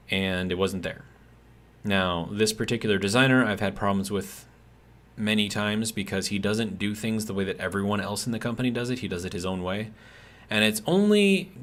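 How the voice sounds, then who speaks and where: A man streaming a game, telling a long, exasperated work story in a rambling, casual way with lots of fillers. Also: fairly low pitch. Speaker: gaming streamer. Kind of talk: casual ranting chat while gaming.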